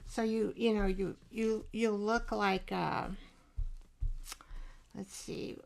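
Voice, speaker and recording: A woman's voice: mid-range voice, fairly even intonation, slow pace, vocal fry, a little mellow. A woman hosting a live art show, chatting casually and rambling with viewers while she paints, often breaking into laughter. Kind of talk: casual live craft demo chat.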